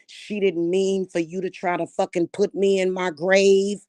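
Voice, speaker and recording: A woman vlogger ranting angrily to her viewers, swearing heavily, repeating insults and rising to shouts. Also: mid-range voice, flat delivery, a little slow, no echo. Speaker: spiritual vlogger. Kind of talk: angry rant to camera.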